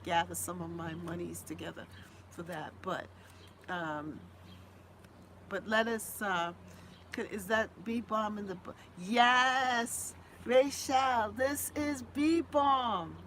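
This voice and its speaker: A woman's voice: mid-range voice, fairly even intonation, slow, slight background noise. A woman hosting a live gardening stream, chatting with viewers in an effusive way and singing a little jingle, recorded on a phone. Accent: Boston. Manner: warm, effusive, sings a homemade jingle. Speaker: gardening channel host.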